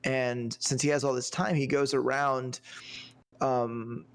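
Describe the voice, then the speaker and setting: Gravelly man rambling in casual chat. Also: mid-range voice, level tone, slow. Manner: rambling, searching for words with many fillers. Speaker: podcast co-host. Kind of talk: casual movie review chat.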